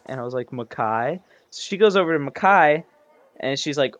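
A man's voice: mid-range voice, a little fast, no echo. Rambling young man telling stories. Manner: rambling, self-interrupting storyteller. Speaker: podcast co-host. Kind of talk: casual chat, storytelling. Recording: muffled lo-fi sound.

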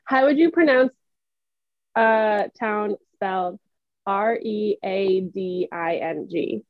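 A young New England woman with a New Hampshire accent co-hosts a podcast, telling stories in casual chat and laughing often. Her voice is medium-pitched and slow, in a dry recording with dull audio.

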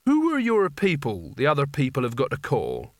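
A man's voice: medium pitch, wildly swooping pitch, normal speed, no echo, clean studio sound. A man voicing an earnest, naive young male adventurer who asks puzzled questions.

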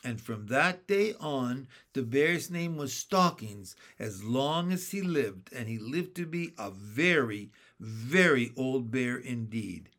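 A man narrating a children's chapter book in a steady, plain read-aloud manner. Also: medium pitch, takes it slowly, hardly any pauses. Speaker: audiobook reader.

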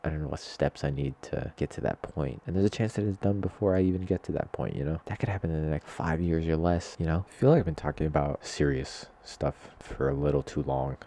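A young podcast host with a very deep voice that has a gravelly texture. His tone is dark and mellow. He rambles casually and pokes fun at himself, and he gets animated when he tells a story. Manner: rambling, self-deprecating, animated when telling stories.

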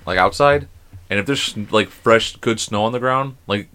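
Animated, swearing man telling stories. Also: on the low side, normal speed, smooth. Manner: animated storytelling, swears a lot. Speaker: podcast host. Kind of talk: casual podcast chat.

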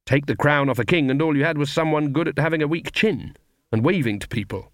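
A man narrating an audiobook in a measured, wry storytelling manner. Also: fairly high pitch, no echo, clean studio sound. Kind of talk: scripted narration.

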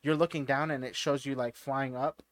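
A man's voice: medium pitch, fairly even intonation, moderate pace, dry recording. Rambling man in casual podcast chat. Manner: rambling, many fillers and restarts. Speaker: podcast co-host.

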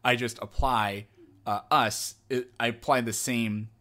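A man's voice: medium pitch, fairly even intonation, a little slow, bright, forceful tone. A man hosting a casual podcast conversation, reflective and thinking aloud as he talks. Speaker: podcast host.

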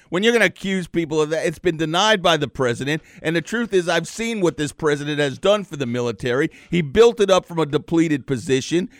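A man's voice: fairly high pitch, no echo, studio quality. A man co-hosting a talk radio show, emphatic, repeating phrases and calling people my friend. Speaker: co-host.

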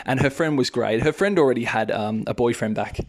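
Chatty Australian man telling a story. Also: fairly quick. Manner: chatty, animated, raises pitch for quoted voices. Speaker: podcast host, English teacher. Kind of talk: casual storytelling.

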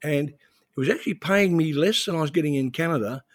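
A man's voice: on the high side, quick pace, no room sound, studio quality. An older man from New Zealand, a former journalist, telling anecdotes in a rambling, conversational interview.

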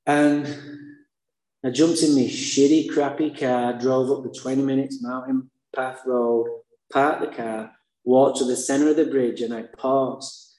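Man, mellow-voiced, blunt and profane storyteller with dark humor, echoey room. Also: mid-range voice, steady tone, measured pace. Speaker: speaker sharing his recovery story. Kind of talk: candid personal storytelling. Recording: roomy echo.

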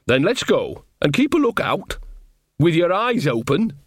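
A man's voice: a little high, big pitch swings, unhurried, husky, dry recording, studio quality, voice pushed up, full character voice. Old witch woman, earthy and bawdy, blunt rustic talk; male narrator voices her. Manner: blunt, cheeky, rustic grammar.

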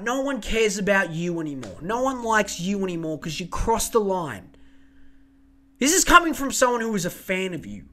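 High-voiced man ranting. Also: bright, forceful tone. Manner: heated, profane ranting. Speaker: podcast host. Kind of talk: casual podcast monologue.

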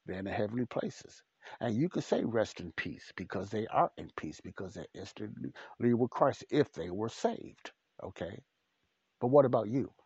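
A man's voice: lowish voice, big pitch swings, moderate pace, darkish tone, breathy edge, no echo. A man preaching a podcast sermon, blunt and repetitive, speaking straight to the listener. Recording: dull, dry lo-fi recording.

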